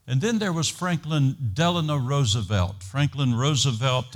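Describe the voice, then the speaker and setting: A man preaching a sermon to his congregation in a measured, earnest way that builds in intensity. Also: mid-range voice. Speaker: pastor.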